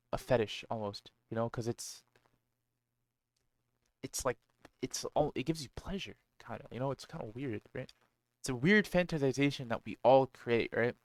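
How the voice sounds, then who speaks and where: A man's voice: mid-range voice, no room sound. A man giving a blunt, profane motivational talk, full of slang and rhetorical "right?"s. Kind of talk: casual motivational monologue.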